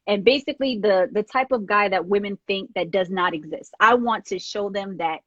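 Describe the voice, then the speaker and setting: A woman's voice: medium pitch, normal speed, fairly bright tone, no echo, dull audio. A woman hosting a casual live-stream chat, bubbly and laughing often.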